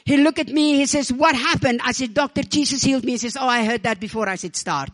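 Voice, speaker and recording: A woman preacher telling her story in an animated sermon, calling on the congregation to respond, her voice a little rough from a damaged vocal cord. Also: high voice, quick pace. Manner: animated storytelling, calls for amens and praise.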